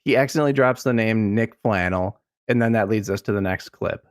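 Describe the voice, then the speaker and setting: A man with a Midwestern accent hosting a casual podcast, recapping in a relaxed way with asides. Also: lowish voice, fairly quick.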